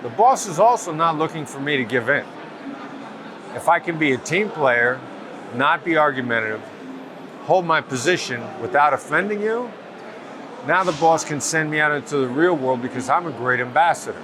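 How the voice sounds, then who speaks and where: A man being interviewed as a negotiation expert, explaining in a calm, measured, patient way. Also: fairly high pitch, background noise. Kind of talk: interview answers. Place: outdoors at a summit event.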